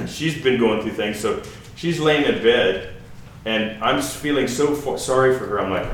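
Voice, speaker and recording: A man giving an informal, halting sermon with asides, as a guest preacher. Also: medium pitch, expressive. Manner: conversational, halting, with restarts and asides. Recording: echoey hall from a distance with faint noise.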